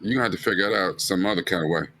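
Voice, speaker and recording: A man's voice: low-pitched, rapid-fire, pushed and bright, a little hiss or hum. A man co-hosting a reaction video, chatting casually in a blunt, joking, slangy way and swearing freely. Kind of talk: casual chat reacting to a TV episode.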